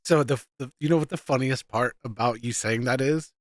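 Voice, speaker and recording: A man's voice: mid-range voice, fairly quick, no echo. A man co-hosting a podcast, chatting casually, asking follow-up questions and laughing often. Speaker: podcast co-host.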